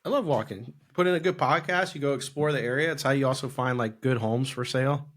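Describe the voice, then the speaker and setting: A man co-hosting a podcast, chatting in a relaxed, joking way and laughing often. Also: mid-range voice, fast. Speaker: podcast co-host. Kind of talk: casual chat.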